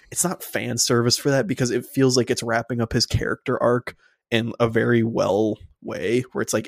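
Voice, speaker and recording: A man's voice: medium pitch, creaky, no echo, studio quality. A man co-hosting a podcast, chatting casually and enthusiastically as a fan while reviewing a film. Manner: enthusiastic fan, rambling with restarts. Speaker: podcast co-host. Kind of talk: casual movie review chat.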